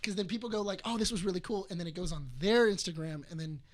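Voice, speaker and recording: A man co-hosting a podcast, chatting casually and restarting his sentences as he talks. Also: sits high. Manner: rapid, with restarts. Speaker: podcast co-host.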